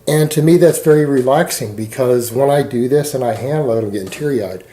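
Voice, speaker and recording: A man's voice: medium pitch, normal speed, dark tone. A man speaking to camera in a rambling, defensive monologue, sarcastic and full of fillers. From Texas. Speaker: fitness YouTuber.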